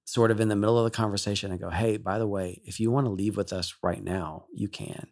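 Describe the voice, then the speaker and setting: A male worship leader, a guest on a talk show, telling an emotional story in an animated way and laughing often. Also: fairly low pitch, fast talker.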